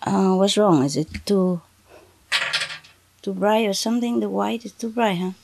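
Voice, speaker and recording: A woman spiritual teacher addressing an audience under bright spotlights, speaking in halting, broken English with frequent "okay" and "huh". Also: medium pitch, creaky, noisy background. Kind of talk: addressing an audience from a prepared reading.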